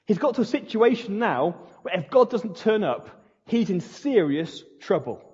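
A man's voice: high voice, big pitch swings, normal speed, darkish tone, slightly rough. A male pastor preaching a sermon, retelling a story in an earnest, emphatic way. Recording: dull lo-fi recording in a reverberant hall.

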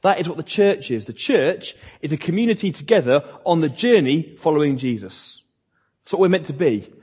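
Man, pastor, conversational sermon, husky voice, long hall reverb. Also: on the high side, expressive, normal speed, a little mellow. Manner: conversational preaching with mocking quoted asides. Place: church hall. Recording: echoey hall, dull lo-fi sound.

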